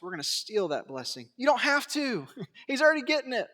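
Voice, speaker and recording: Animated man preaching in a reverberant church. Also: very high-pitched, fairly quick. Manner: animated, swings between hushed asides and raised emphatic lines; acts out biblical quotes in character voices. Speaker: pastor. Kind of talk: sermon. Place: church sanctuary.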